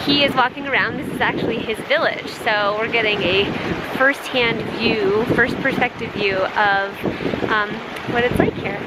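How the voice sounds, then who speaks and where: A woman's voice: a little high, normal speed. A woman vlogging while hiking on a mountain trek, chatty and upbeat, out of breath. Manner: chatty, upbeat, laughs often. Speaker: travel vlogger. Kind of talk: casual travel vlog narration. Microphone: handheld camera. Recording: outdoor recording with noise.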